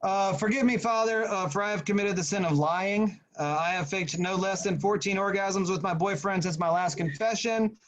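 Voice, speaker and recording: A man's voice: high-pitched, moderate pace, few pauses, close to an everyday voice, low-quality recording. A man reading aloud as a sheepish young woman at confession, offhand and hesitant.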